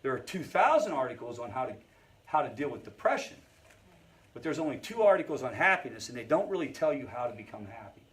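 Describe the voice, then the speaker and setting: A man's voice: mid-range voice, big pitch swings, fast talker, fairly bright tone. A man who leads a family recovery group, teaching in a conversational way and often checking in with the audience. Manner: conversational, storytelling asides.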